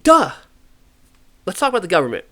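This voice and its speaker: A man hosting a podcast, talking in an animated, ranting way and acting out the voices he quotes. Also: high voice, fairly quick. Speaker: podcast host. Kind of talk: casual podcast opinion talk.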